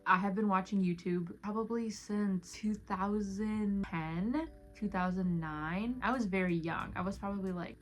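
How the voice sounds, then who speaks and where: A young woman talks straight to her camera in a loose, rambling story time, joking about herself as she goes. She sounds a little under the weather from a headache, and faint music sits quietly behind her. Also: fairly low pitch. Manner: rambling, self-deprecating, chatty. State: unwell with a headache. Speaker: YouTuber. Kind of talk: casual story time vlog.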